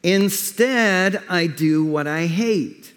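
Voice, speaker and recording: A man's voice: high voice, extremely slow, fairly bright tone, clean tone. A man preaching a sermon as pastor, stressing points and putting questions to the congregation. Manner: emphatic preaching with repeated words and questions to the congregation. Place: church sanctuary. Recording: long hall reverb.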